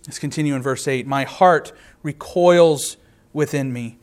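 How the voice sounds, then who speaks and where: A man preaching a sermon, reading scripture aloud and explaining it verse by verse, earnest and slowing down to stress key words. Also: medium pitch. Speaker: pastor.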